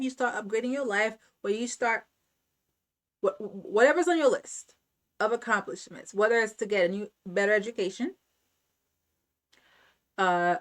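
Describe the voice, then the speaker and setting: Slow, emphatic woman giving a pep talk. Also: on the high side. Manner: emphatic, repetitive, preaching. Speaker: channel host. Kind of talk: motivational self-help talk.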